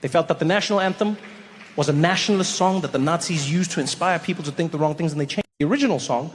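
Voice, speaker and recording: A man from South Africa performing stand-up on a theatre stage, telling animated, conversational stories into a handheld mic. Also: fairly high pitch, fast. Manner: animated, conversational storytelling, rising into shouts. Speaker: stand-up comedian. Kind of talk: stand-up comedy. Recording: reverberant hall with faint noise.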